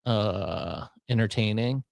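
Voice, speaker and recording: A man's voice: fairly low pitch, slow, vocal fry, dry recording, studio quality. A man co-hosting a radio show, reacting and telling anecdotes in a laid-back, chuckling way. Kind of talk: casual radio chat. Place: radio studio.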